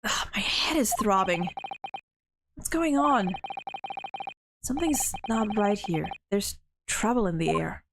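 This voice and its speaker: A woman's voice: medium pitch, expressive, slow pace, long pauses, a little hiss or hum. A woman voicing a bewildered young male lawyer in a video game, asking startled, confused questions. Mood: dazed.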